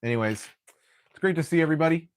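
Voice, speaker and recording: A young man hosting a live stream, chatting casually while he builds, often restarting sentences and clearing his throat. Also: fairly high pitch, quick pace, dry recording, clean studio sound.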